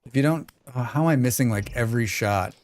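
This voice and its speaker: Quick-paced, medium-pitched and a little mellow, a male streamer plays a game while casually talking with his audience. He picks out viewer messages to read and answer, and he can't stop sneezing.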